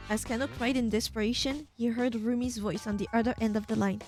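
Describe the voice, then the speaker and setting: A young woman streamer reading a game's text aloud with expressive narration and casual asides. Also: on the high side, a little fast, few pauses, faint music behind.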